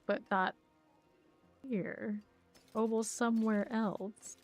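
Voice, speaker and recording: A woman's voice: fairly high pitch, flat delivery, takes it slowly, faint music behind. Chatty woman streaming a game. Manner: chatty, rambling, laughs often. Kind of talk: live gameplay commentary.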